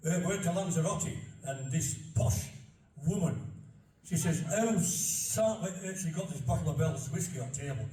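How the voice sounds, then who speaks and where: Older man, broad Barnsley accent, folksy storyteller with a mellow voice, heard from far off in a roomy hall. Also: a little high, moderate pace, soft background music. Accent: Barnsley Yorkshire. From Barnsley, Yorkshire. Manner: folksy, anecdotal, repeats himself. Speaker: local speaker on dialect. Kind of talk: chatty talk to an audience.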